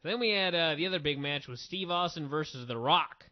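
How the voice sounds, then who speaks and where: A man hosting a wrestling review podcast, talking in an opinionated, animated way with quick asides. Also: a little high. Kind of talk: casual review chat. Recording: dull lo-fi audio.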